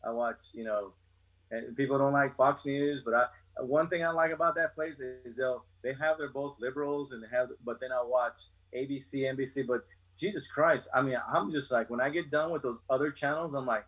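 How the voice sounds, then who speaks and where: A man's voice: mid-range voice, brisk, fairly bright tone, breathy edge, low-quality recording. A man in his fifties, a retired soldier and podcast guest, ranting bluntly with constant swearing. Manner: blunt, heavy swearing, fired-up rant. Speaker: guest, retired Army chief warrant officer. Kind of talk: casual podcast chat.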